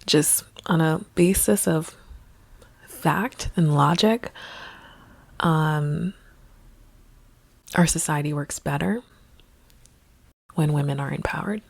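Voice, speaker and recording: A woman spiritual coach musing in a reflective vlog monologue, often dropping to a soft half-whisper. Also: low-pitched, slow, vocal fry, long pauses, husky, no room sound.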